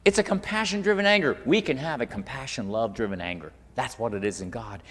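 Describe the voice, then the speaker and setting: A middle-aged man preaching a sermon, swinging from loud emphatic peaks to hushed near-whispers and repeating words as he finds his next thought. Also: fairly high pitch, lively intonation, fast talker, big-room sound. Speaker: pastor.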